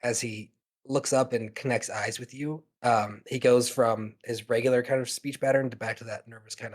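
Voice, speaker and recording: A man narrating as game master of a tabletop game, relaxed and meandering with many fillers. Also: medium pitch, normal speed.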